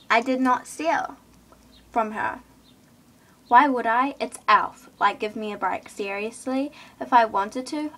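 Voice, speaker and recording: A woman's voice: fairly high pitch, a bit bright. A teenage girl telling a storytime rant to camera in an indignant, chatty way, full of fillers. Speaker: vlogger.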